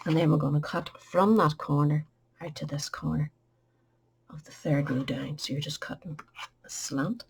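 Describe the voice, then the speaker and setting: Low gravelly woman teaching a craft. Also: darkish tone, a little hiss or hum. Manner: chatty, instructive, drops to a murmur at times. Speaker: craft tutorial host. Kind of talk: step-by-step craft demonstration.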